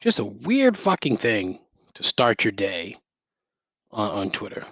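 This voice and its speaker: A man's voice: on the low side, wildly swooping pitch, measured pace, gravelly, fairly bright tone, dry recording. Swearing over-caffeinated man ranting. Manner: ranting, sarcastic, heavy swearing. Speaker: podcast host. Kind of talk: profane solo rant. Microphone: gaming headset.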